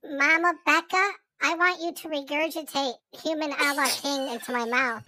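Man putting on a shrill alien hybrid baby. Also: steady tone, normal speed, sharp tone, full character voice. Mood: demanding.

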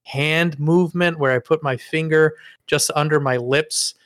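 A man co-hosting a podcast, telling a story in a lively, casual way with some swearing. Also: fairly high pitch, measured pace, dry recording, clean studio sound. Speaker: podcast co-host.

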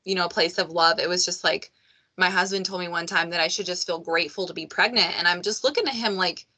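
Host: woman with a bright, forceful voice pitched fairly low, candid, chatty, lots of fillers. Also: steady tone, fast talker. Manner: candid and conversational, many fillers like "like". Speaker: podcast host. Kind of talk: casual podcast conversation.

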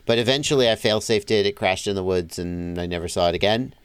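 A man's voice: lowish voice, fast, a little hiss or hum. A man being interviewed as a guest, telling stories in an easygoing, chatty way with many fillers. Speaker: interview guest, drone video creator. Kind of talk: casual conversational storytelling.

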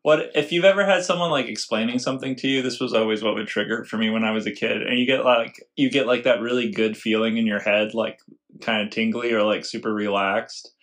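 Male podcast co-host, relaxed and easygoing, mid pitch, echoey room. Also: fairly quick. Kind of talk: casual chat.

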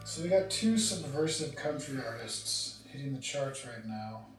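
A man's voice: a little high, big pitch swings, moderate pace, heavy reverb, distant mic, soft background music. A man co-hosting a podcast, chatting casually and rambling with lots of "like". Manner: laid-back, rambling, lots of "like". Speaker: podcast co-host. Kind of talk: casual chat.

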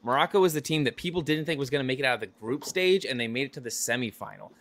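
A man's voice: medium pitch, expressive, rapid-fire, fairly bright tone. An American man co-hosting a live-streamed chat show, talking casually and often stumbling over his words. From United States. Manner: hesitant, stumbling restarts. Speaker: podcast co-host.

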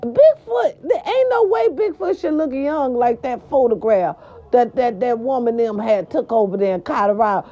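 A woman hosting a casual celebrity gossip show, loud, animated, swooping and profane. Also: fairly high pitch, normal speed. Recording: dull lo-fi sound.

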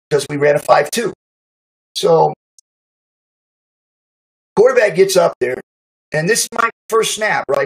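A middle-aged man casually recounting a memory, animated, acting out quotes and laughing often. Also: on the high side, rough recording. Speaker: storyteller recalling youth football. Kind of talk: casual spoken memoir.

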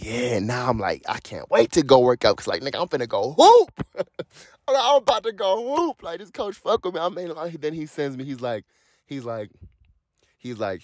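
Animated, slangy young man telling a story. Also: fairly low pitch, no room sound, studio quality. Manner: animated, slangy, profane, acts out quoted dialogue. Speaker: podcast host telling his story. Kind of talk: casual storytelling.

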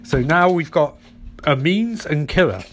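A man's voice: on the high side, animated, a little slow, slight background noise. A man giving a sarcastic comedic recap of a TV episode, slipping into silly voices.

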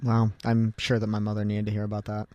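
A man's voice: lowish voice, monotone, fast, muffled recording. A young man co-hosting a radio show, bantering casually and teasing with frequent laughter. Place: radio studio.

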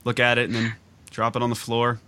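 A man's voice: medium pitch, a little fast, slight background noise. A man co-hosting a gaming podcast, playing the game as he chats, giggly and playful. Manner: giggly, playful, lively commentary while playing. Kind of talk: casual gaming chat.

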